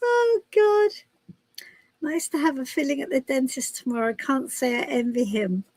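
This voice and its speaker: A woman's voice: high voice, a little fast, a little mellow, husky, no echo, rough recording. A woman from the UK hosting a casual live stream as a tarot reader, chatty and giggly with many restarts. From United Kingdom.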